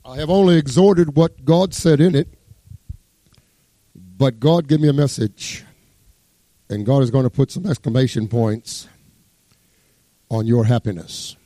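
A man preaching a sermon as pastor, fervent, swinging between loud exclamations and hushed asides as he reads scripture. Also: medium pitch, a little slow, pauses often, dry recording. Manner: exclaims praise words, reads scripture aloud.

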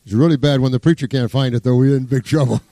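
A man preaching a sermon as pastor, fervent, swinging between loud exclamations and hushed asides as he reads scripture. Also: mid-range voice, fairly even intonation, fast, dry recording. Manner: exclaims praise words, reads scripture aloud.

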